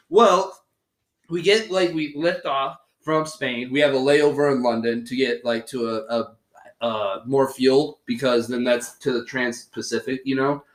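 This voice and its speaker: A male podcast host telling a story in a casual chat, animated and rambling, with lots of fillers and swearing. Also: mid-range voice, a little slow. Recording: echoey room.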